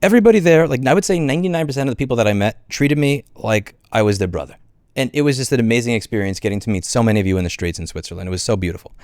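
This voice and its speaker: A man's voice: mid-range voice, a little mellow, dry recording, studio quality. A man ranting hard on his own video channel, indignant and swearing as he talks. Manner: indignant, profane, fast ranting. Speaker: channel host. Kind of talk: angry vlog rant.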